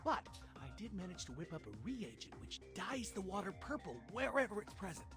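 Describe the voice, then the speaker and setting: A brainy teen turtle scientist in a game cutscene, with a high voice that swoops lively as he explains. He sounds precise and technical, with a light score underneath. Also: a little fast, over music. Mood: explaining.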